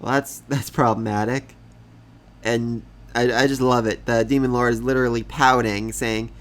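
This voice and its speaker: A man giving casual review commentary on a comic chapter, enthusiastic, often laughing and repeating words when excited. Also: mid-range voice, moderate pace.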